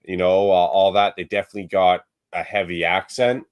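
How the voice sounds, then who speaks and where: A man's voice: low-pitched, flat delivery, brisk. A man with a Canadian accent chatting casually on a livestream, offhand and opinionated, with lots of fillers. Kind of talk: casual chat.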